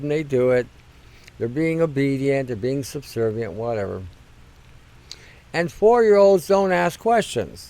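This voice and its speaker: A man's voice: on the high side, darkish tone. Blunt, swearing man ranting as host. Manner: crude, combative, swears freely. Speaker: host of his own online show.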